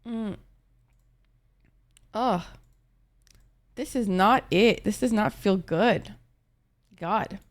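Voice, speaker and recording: A woman's voice: medium pitch, drawn-out words, pauses often. A young woman streaming and chatting with her viewers in a casual, dramatic way, swearing freely; she is tired and a little congested.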